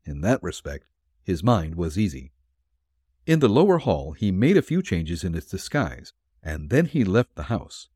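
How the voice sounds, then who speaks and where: A man narrating a dime-novel detective serial as an audiobook, expressive. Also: deep voice, normal speed, breathy edge, no room sound, clean studio sound.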